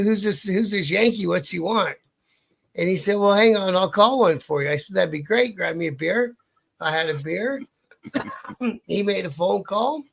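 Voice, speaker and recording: As an interview guest, a man rambles through a long story, swearing casually, stumbling over his sentences and restarting often. His voice is fairly high for a man, gravelly and husky, with a fairly bright tone.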